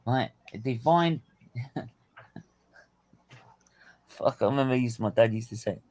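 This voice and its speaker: A man's voice: medium pitch, measured pace. Laughing, swearing London man. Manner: laughing, swearing, animated storytelling. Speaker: stream host. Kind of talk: casual live watchalong chat.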